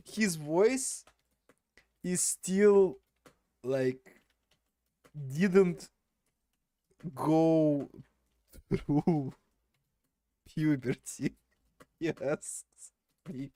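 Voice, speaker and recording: Young man, slow rambling stream chat, slightly high voice, laughs a lot. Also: dark tone, no room sound. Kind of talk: casual live-stream chat.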